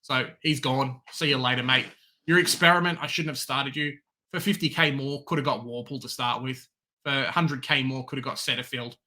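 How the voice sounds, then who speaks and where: Animated Australian man, bright voice. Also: mid-range voice, normal speed. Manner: animated, swings into loud excited outbursts and resigned mutters. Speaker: fantasy football podcast host. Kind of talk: casual sports chat.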